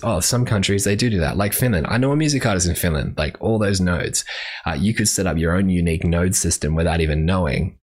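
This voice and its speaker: Deep-voiced man rambling on a podcast. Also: fast. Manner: rambling, with many fillers. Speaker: podcast host. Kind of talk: casual solo podcast monologue.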